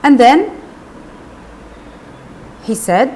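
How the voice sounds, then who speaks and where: A woman's voice: high-pitched, takes it slowly. A woman teacher, retelling a novel to schoolchildren and explaining words along the way. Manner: expressive, explains words to pupils.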